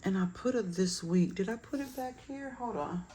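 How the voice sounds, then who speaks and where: A woman's voice: medium pitch, animated, moderate pace, dark tone, slight background noise. A woman chatting casually while decorating her planner, laughing at herself with self-deprecating humor. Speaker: planner vlogger.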